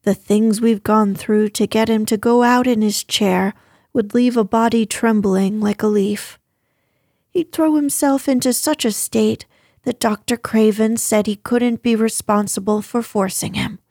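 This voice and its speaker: Fussy deferential housekeeper as a woman reads her, hesitant, fairly high, dry close sound, storybook. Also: fairly even intonation, a little slow, a little mellow, no room sound. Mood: fussing. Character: flustered middle-aged housekeeper, deferential.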